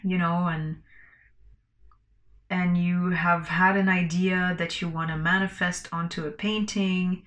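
A woman's voice: on the low side, little pitch movement, slow pace, fairly bright tone, roomy sound. A woman hosting a casual solo podcast, rambling loosely, swearing freely and laughing between her thoughts. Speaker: podcast host.

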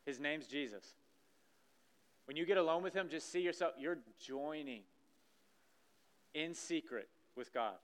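A man preaching a sermon in a church, acting out scripture scenes with lively energy. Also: a little high, unhurried, pauses often. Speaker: pastor. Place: church sanctuary stage.

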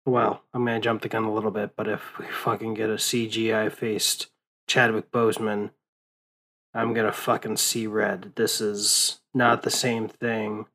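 Slow-talking, exhausted young man rambling. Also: fairly low pitch, level tone, bright, forceful tone, poor audio. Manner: rambling, profane, with many restarts and fillers. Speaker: vlogger. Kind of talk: casual late-night monologue.

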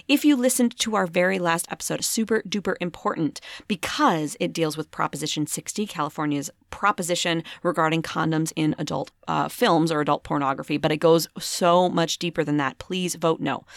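A woman's voice: lowish voice, creaky, no echo, studio quality. A woman hosting a podcast in a casual monologue, chatty with many filler ums and playful asides. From United States. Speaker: podcast host.

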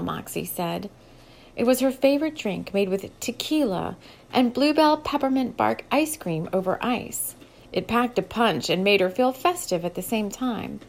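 Steady woman narrating a story. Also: fairly high pitch, a little slow, gravelly. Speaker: audiobook narrator. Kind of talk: scripted narration.

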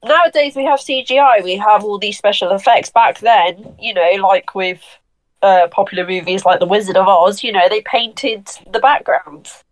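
A woman's voice: medium pitch, normal speed, low-quality recording. Woman podcast cohost, chatty, lots of you know and like, medium voice. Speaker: podcast co-host. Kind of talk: casual podcast chat.

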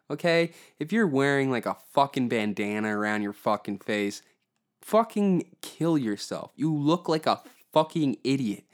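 A man hosting his own podcast, hungover and ranting with a steady stream of profanity. His voice sits at an ordinary middle pitch, and his delivery is blunt and exasperated. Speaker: podcast host. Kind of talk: solo podcast rant.

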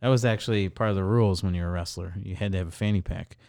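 A man's voice: low voice, rapid-fire, vocal fry. Swearing man telling a store story. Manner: animated, mimics customers in raised voice, swears freely. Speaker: podcast co-host. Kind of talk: casual storytelling.

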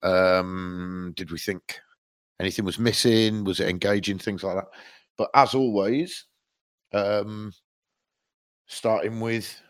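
A man's voice: on the low side, fairly even intonation, takes it slowly, pauses often, no echo. A man co-hosting a rock and metal podcast, joking and swearing loosely in casual chat. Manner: jokey, sweary, loose banter with restarts. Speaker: podcast co-host.

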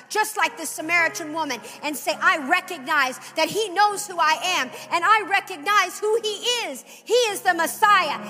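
A woman preacher with a strikingly high, bright voice delivers an impassioned sermon. Her delivery swells into fervent exhortation. The sound carries a long church-hall reverb, with soft music playing beneath her.

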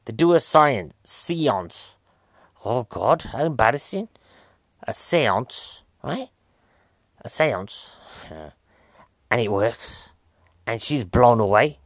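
A man's voice: mid-range voice, sing-song, takes it slowly, dry recording, clean studio sound. A man, rambling jokily as a podcast host reviewing a film and poking fun at himself. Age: 40s. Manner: rambling, jokey, self-mocking. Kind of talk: casual film review chat.

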